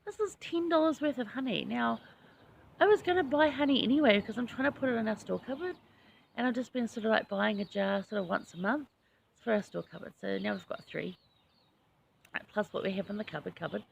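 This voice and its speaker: A woman's voice: a little high, a little fast, vocal fry, slightly rough. A woman hosting a casual scripture study chat, talking in a chatty, enthusiastic way with personal asides. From New Zealand. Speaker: host.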